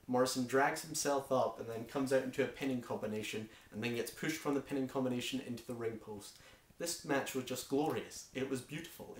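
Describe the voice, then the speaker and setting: A man with a Scottish accent reviewing a wrestling show in a casual, opinionated way, full of enthusiasm and frequent ums. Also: mid-range voice. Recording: echoey room.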